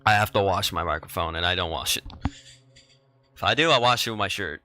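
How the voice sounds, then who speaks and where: A man's voice: sits low, fairly quick, sharp tone, a little hiss or hum, low-quality recording. A teenage boy chatting with viewers on a live game stream through a headset mic, rambling and repeating himself with the odd chuckle. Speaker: gaming streamer. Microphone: gaming headset microphone.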